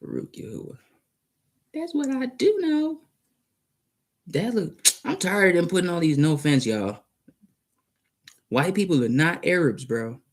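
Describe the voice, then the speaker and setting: Man, casual cursing rant, argues with himself, husky, lively pitch. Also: measured pace, long pauses. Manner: profane, rambling, argues with himself. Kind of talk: casual rambling monologue.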